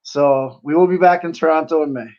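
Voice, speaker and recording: A man, a pro wrestler, chatting casually as a podcast guest, laid-back and quick to laugh, with lots of "you know" in his talk. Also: on the high side, steady tone, darkish tone, dull audio.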